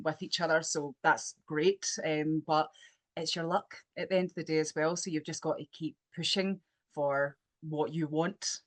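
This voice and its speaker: A Scottish woman, an actress and writer, chatting as a podcast guest, hesitant with many ums and frequent giggles. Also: deep voice. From Scotland. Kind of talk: casual interview chat.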